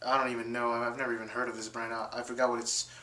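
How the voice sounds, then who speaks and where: A man's voice: mid-range voice, monotone, racing, bright, forceful tone, echoey room. A young man telling a story casually to his viewers, full of fillers and restarts, acting out quotes in a raised voice. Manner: rambling, many fillers and restarts. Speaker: vlogger.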